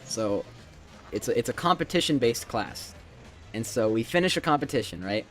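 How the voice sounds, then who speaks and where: A teenage boy chatting casually while gaming, telling animated stories and acting out his classmates' lines. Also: medium pitch, normal speed. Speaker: gamer chatting while playing. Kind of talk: casual chat. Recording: faint game music behind.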